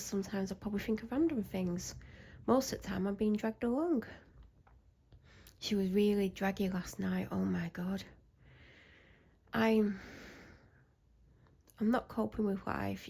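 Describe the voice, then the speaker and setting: A young woman talks in a loose, anxious ramble, breaking off her own sentences and circling back. Her voice has a gravelly fry to it and a dark, mellow tone. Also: mid-range voice. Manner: anxious, self-interrupting, rambling. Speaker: vlogger. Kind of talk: casual rambling chat.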